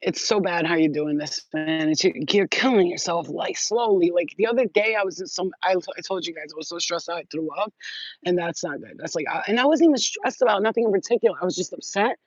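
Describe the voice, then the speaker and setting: A woman's voice: lowish voice, expressive, quick pace, breathy edge, no room sound. Chatty psychic lady doing a live reading, rambly, swears a lot, muffled lo-fi sound, dry room. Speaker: psychic reader.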